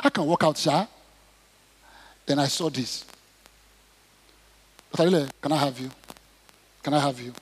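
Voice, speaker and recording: Husky high-voiced pastor preaching. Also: male voice, unhurried, long pauses. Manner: dramatic preaching, acting out prayers and stories, rising to shouts. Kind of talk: sermon. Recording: long hall reverb.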